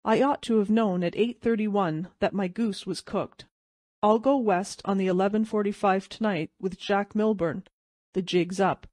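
A woman's voice: mid-range voice, normal speed, darkish tone, no echo, close to an everyday voice. A woman voicing a bitter, heartbroken young man in a dry audiobook reading. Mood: hopeless. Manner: wry, mocking deference turning hopeless.

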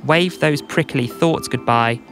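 A man voicing a laid-back ladybug who teaches mindfulness in a rhymed bedtime story, mellow and calming. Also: fairly high pitch, measured pace, over music, lightly acted. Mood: mellow, soothing.

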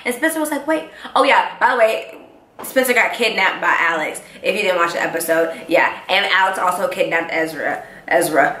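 Chatty young woman recapping a show, bright. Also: mid-range voice, echoey room. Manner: excited, chatty, animated storytelling. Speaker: vlogger. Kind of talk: casual TV recap.

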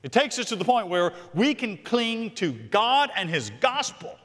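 A senior pastor delivers a sermon with a fairly high, very lively voice that climbs and drops. He swings from loud, emphatic lines to hushed ones. His voice rings out in a large church with a long reverb tail. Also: measured pace.

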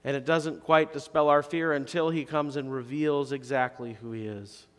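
A male pastor delivers a sermon in a church sanctuary, and his mid-pitched voice trails off into a long reverb. He talks to the congregation conversationally, lifting his voice on emphatic questions and then dropping to soft, low phrases. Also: steady tone, normal speed, smooth.

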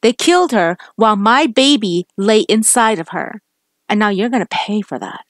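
A woman's voice: medium pitch, animated, moderate pace, no room sound, lightly acted. A woman voicing a vengeful male cop turned killer, menacing and taunting, in a dry, close recording. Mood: bitter menacing.

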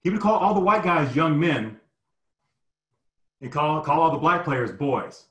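Man, 50s, animated storyteller, acts out characters, echoey room. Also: fairly high pitch, unhurried. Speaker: guest storyteller. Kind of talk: personal storytelling. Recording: roomy echo.

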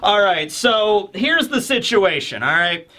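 A man reviewing a manga chapter in casual commentary, animated and joking, acting out scenes. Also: sits high, a little slow.

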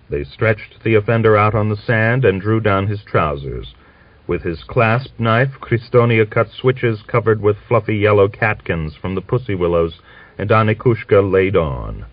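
A man reading a novel as an audiobook narrator, in a measured, solemn manner. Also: fairly low pitch, lively intonation, no room sound. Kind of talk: scripted literary narration. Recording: dull lo-fi old recording.

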